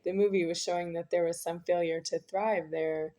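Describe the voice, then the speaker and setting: A woman with a somewhat low-pitched voice talks on in a long rambling monologue. She is insistent and keeps looping back to repeat the same phrases. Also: fairly even intonation, normal speed, dark tone.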